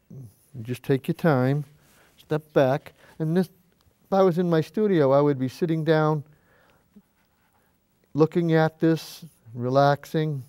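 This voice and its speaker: There's no room sound around this older man's warm, fairly high-pitched voice. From a high school cable TV studio, he paints on his show and chats casually in a rambling, folksy style, occasionally stepping away from the mic to take a look at the canvas.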